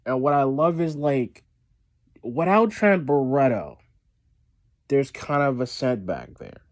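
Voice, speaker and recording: A man's voice: mid-range voice, very animated, slow pace. A man hosting his own wrestling review show, talking casually and rambling with lots of fillers and restarts. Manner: rambling, repeats himself, many fillers and restarts. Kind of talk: casual solo review vlog.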